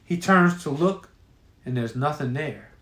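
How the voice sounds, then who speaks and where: A man's voice: fairly high pitch, expressive, measured pace, fairly bright tone, reverberant. A man telling a crude story in a profane, offhand way.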